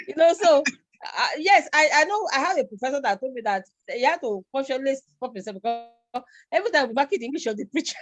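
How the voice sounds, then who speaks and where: Speaking with a Nigerian accent, a middle-aged woman rambles through a live online university lecture, chuckling and repeating herself. She sounds high-voiced, animated and a little fast.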